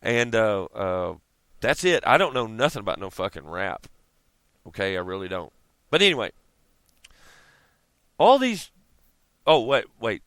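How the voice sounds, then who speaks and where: A man vents in a loose, profane rant to his viewers, laughing often as he rambles. His voice is smooth and clear, with a lively pitch that jumps around. The recording is dry and close, with no room sound. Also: unhurried, pauses often, no room sound. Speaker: vlogger. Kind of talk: casual rant to camera.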